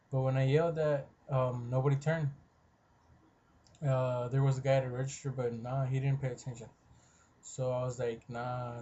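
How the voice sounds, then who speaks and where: Young guy rambling thru a story, flat low-key voice, dull lo-fi sound w a little hiss. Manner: rambling, quotes friends, many fillers and restarts. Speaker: vlogger. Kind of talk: casual storytelling vlog.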